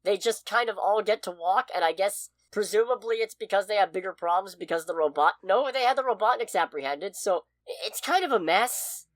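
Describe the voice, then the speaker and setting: A woman co-hosting a podcast, reviewing a movie in casual chat, expressive and swearing freely. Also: mid-range voice, brisk, hardly any pauses, no room sound. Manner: expressive, swears freely, loud outbursts of frustration. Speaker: podcast co-host.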